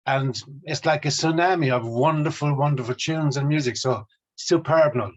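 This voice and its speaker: A middle-aged musician from Ireland, guesting in a casual interview chat, enthusiastically tells stories about his career. His voice is fairly high at a normal speed, and the recording is dull and lo-fi.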